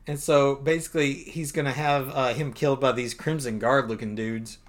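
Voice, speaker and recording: A man's voice: mid-range voice, steady tone, normal speed. A man co-hosting a podcast, chatting casually through a comic book recap and often laughing. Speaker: podcast co-host.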